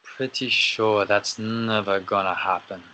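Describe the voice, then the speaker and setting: A man's voice: lowish voice, steady tone, measured pace, pushed and bright. A man in a casual chat, talking in a dry, teasing way. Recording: music in the background. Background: music.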